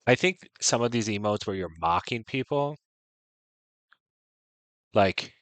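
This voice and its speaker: A man's voice: on the low side, lively intonation, slow, fairly bright tone, dry recording. A man streaming a strategy game, giving frank, chatty commentary full of "right?" and "you know". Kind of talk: casual gameplay commentary.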